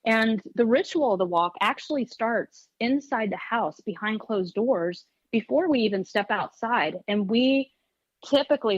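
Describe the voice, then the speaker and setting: A woman guest who trains dogs, talking in an interview in a lively, emphatic way and often restarting phrases. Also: medium pitch, dry recording. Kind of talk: conversational interview. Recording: dull lo-fi audio.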